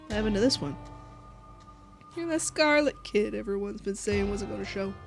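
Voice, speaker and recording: A woman's voice: medium pitch, moderate pace, vocal fry, music in the background, close to an everyday voice. A woman voicing a brusque male hunter with a Southern accent while playing a story game. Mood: gruff. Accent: American Southern. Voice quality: brusque, blunt.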